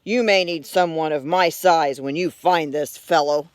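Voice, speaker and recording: A woman voicing a big, grumpy male bear in a storybook read-aloud, growling and loud. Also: low-pitched, measured pace. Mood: gruff.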